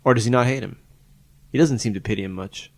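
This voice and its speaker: A man's voice: mid-range voice, quick pace, vocal fry, darkish tone, dry recording. A man co-hosting a podcast in casual chat, rambling and searching for words with many restarts. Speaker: podcast co-host.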